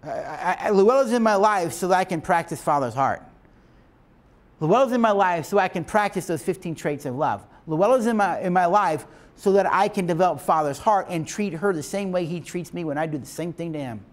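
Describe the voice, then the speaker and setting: A man's voice: high voice, animated, a little fast. A man giving a lecture to couples, speaking in an emphatic, preacher-like way and asking his class questions. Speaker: marriage teacher.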